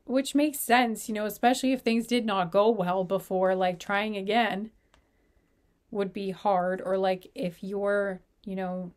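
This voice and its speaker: Woman tarot reader, casual and rambling, leans on fillers, mid-pitched voice. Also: steady tone, unhurried, darkish tone. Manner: rambling, filler-heavy talk full of "like" and "you know". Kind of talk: casual pick-a-card tarot reading.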